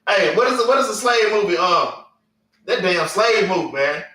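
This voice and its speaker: High, fiery preacher in an echoey room. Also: male voice, normal speed, bright, forceful tone, recorded from a distance. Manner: blunt and fiery, with slang and cursing, repeating "man" and "all right". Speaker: Bible class teacher. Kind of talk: informal preaching with scripture reading. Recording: echoey room, away from the mic.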